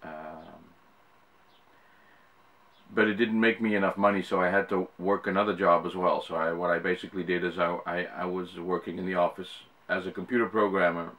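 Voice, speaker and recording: A man's voice: deep voice, steady tone, normal speed, fairly bright tone. A middle-aged Dutch man with an American-sounding English accent, talking casually to camera and rambling with lots of fillers and restarts. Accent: Dutch speaker with an American-sounding English accent. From Netherlands. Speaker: YouTuber.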